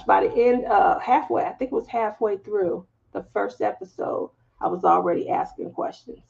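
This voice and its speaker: A woman's voice: mid-range voice, normal speed, vocal fry, hardly any pauses, a little mellow. A woman with a Southern US accent hosting a craft live stream, chatting casually and telling stories with laughs in between. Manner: chatty, laughing, storytelling asides. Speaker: craft channel host. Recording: slightly dull lo-fi audio.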